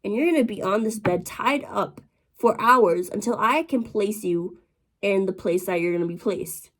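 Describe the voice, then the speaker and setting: A woman voicing a stern, blunt male psych ward orderly who lays out flat, matter-of-fact threats. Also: medium pitch, moderate pace, lightly acted.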